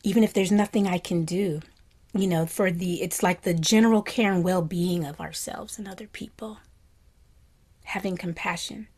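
A woman meditation teacher giving a dharma talk in a gentle, reflective way. She often drops to a soft whisper and has animated bursts of delight. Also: fairly low pitch, moderate pace, husky.

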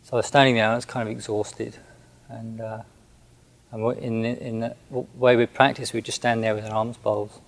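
A man who is a Buddhist monk, recounting a personal story in a gentle, hesitant way with many restarts. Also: medium pitch, level tone, normal speed, creaky, low-quality recording.

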